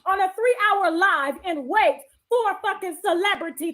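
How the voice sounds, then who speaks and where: Very high-voiced woman ranting angrily. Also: moderate pace, a bit bright. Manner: combative, cursing, repeating phrases for emphasis. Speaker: live-stream host. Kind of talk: angry profane rant on a live stream.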